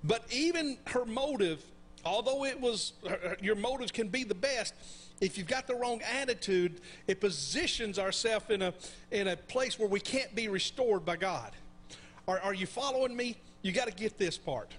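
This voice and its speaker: In a church sanctuary, a middle-aged pastor preaches a conversational sermon in a high, animated, slightly bright voice at normal speed. He often checks in with the congregation by asking them questions.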